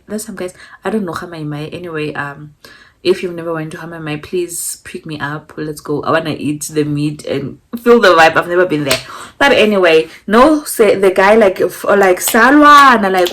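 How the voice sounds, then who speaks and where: A young South African woman with a South African accent, chatting casually through a storytime and switching between English and Zulu. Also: slight background noise. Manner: animated, acts out quotes with pitch jumps. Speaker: vlogger.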